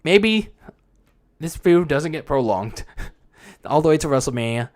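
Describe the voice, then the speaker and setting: A man's voice: on the high side, expressive, unhurried, a little mellow. A young man hosting a wrestling podcast alone, talking casually in a frustrated, rambling way with many restarts and fillers. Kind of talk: casual solo commentary.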